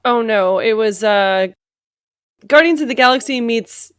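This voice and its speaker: A woman's voice: a little high, measured pace, clear, resonant tone, no echo, clean studio sound. A woman on a comedy podcast panel, reading fan fiction aloud in a giggly, mock-dramatic way.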